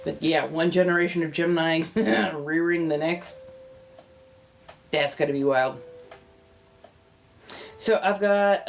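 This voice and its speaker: Californian woman, livestream host, lowish voice, rambling and chatty, faint music behind. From California, United States. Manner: rambling, chatty, greets viewers warmly as they arrive. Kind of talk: casual livestream chat.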